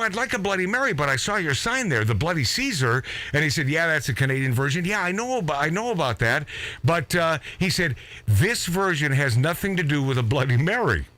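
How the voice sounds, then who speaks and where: A middle-aged man hosts a radio talk show and tells a long, rambling story full of restarts and asides. His voice is bright and fairly high for a man, swinging widely in pitch as he gets animated. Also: moderate pace, no echo. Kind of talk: casual storytelling chat.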